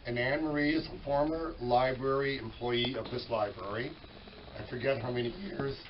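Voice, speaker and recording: A man with a weak voice guides a library dedication ceremony, his announcements folksy and full of small self-corrections. He is heard from well back on a dull, muffled recording. A gathered crowd chatters clearly behind him. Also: medium pitch, steady tone, normal speed, recorded from a distance. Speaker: master of ceremonies. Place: library at a public dedication event.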